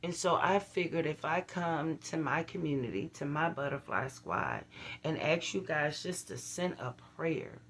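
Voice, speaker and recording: A woman's voice: sits low, expressive, measured pace, breathy edge. A middle-aged woman, talking straight to her viewers in a casual vlog, earnest and blunt, often checking in with them. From Philadelphia. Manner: earnest, blunt, preachy, with frequent "you feel what I'm saying" asides. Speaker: vlogger. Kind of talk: casual direct-to-camera vlog.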